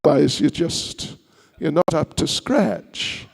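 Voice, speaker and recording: A monk tells a story to his congregation with a playful manner and chatty asides. His voice sits high and carries a gravelly texture. The recording has a long hall reverb. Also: very animated, slow pace. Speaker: monk giving a seminar. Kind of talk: storytelling sermon.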